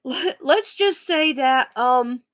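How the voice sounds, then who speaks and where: A woman's voice: high-pitched, expressive, fairly bright tone. A woman ranting bluntly on a casual vlog, swearing freely and often restarting her sentences. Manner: blunt, profane, emphatic; halting restarts and pauses. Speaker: vlogger.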